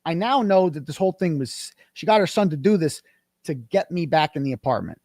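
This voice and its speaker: Guest: animated male storyteller with a slightly high, lively voice who acts out quoted dialogue, recorded dry and close. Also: fairly quick, no echo. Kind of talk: casual interview storytelling.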